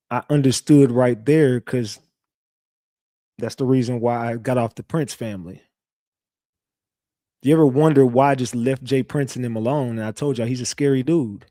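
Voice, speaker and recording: A man's voice: mid-range voice, warm tone, no echo, clean studio sound. A man hosting his own online show, telling stories to his viewers in a casual, profane, rambling way. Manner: profane, rambling, conversational storytelling.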